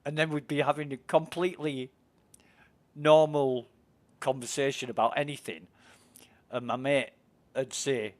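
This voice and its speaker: Speaking in a mid-range, steady voice that's a little slow, this man from England streams a game and chats away casually. He wanders through long stories, cursing without hesitation and laughing readily.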